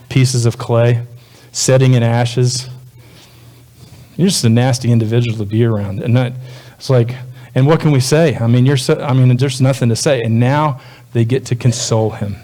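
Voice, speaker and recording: A man's voice: mid-range voice, warm tone. A male pastor delivering a sermon in a conversational, folksy preaching manner.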